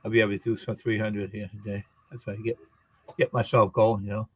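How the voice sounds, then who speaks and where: A man's voice: on the low side, little pitch movement, fast talker, darkish tone, breathy edge, dry recording. A man chatting casually, telling rambling everyday anecdotes as a guest on a live stream. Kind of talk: casual chat.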